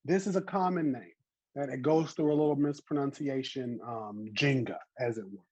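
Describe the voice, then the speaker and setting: A Southern man in his thirties leads an online class, chatty and encouraging. His slightly husky voice sits at a mid pitch. It comes through a dry, somewhat dull video-call mic. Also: moderate pace, dry recording. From American South. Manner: lively, encouraging, chatty teacher. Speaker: botany class instructor.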